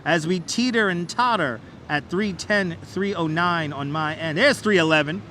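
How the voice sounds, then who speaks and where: Hosting a live walking tour outdoors on a city bridge, this man cheers his viewers on in a playful, repetitive patter, hyping like counts like an auctioneer. His voice is slightly high, bright and forceful, at a moderate pace. A wireless clip-on mic captures it with slight background noise.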